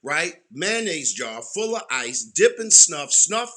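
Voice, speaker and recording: Lively bright-voiced Baltimore man telling stories. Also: on the high side, slow pace. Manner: animated, repeats words, keeps the audience close. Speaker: podcast co-host. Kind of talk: casual storytelling chat.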